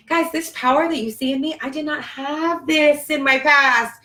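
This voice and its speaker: A woman's voice: high-pitched, moderate pace, hardly any pauses, a bit bright. Emphatic woman coaching from a distance. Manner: emphatic and repetitive, with bursts of cheering and swearing. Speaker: spiritual life coach on a live video. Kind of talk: casual live-stream pep talk. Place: at home, on a live stream. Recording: roomy echo from a distance.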